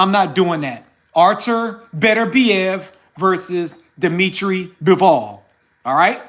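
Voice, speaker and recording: A man's voice: high-pitched, fairly bright tone. A man with an American accent hosting a casual opinion vlog about boxing. He talks in a chatty way, repeats himself, and tags his points with "okay?" and "right?". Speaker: boxing commentator, channel host.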